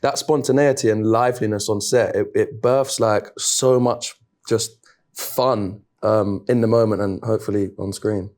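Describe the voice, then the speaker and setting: A man's voice: fairly low pitch, fairly even intonation, normal speed, a little mellow. A man, an actor, answering interview questions in an upbeat, rambling way. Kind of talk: press junket interview.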